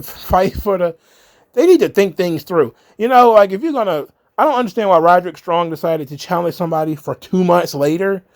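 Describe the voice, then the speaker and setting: A man's voice: a little high, darkish tone. Blunt, sarcastic man recapping wrestling. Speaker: wrestling show reviewer. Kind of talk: casual recap commentary.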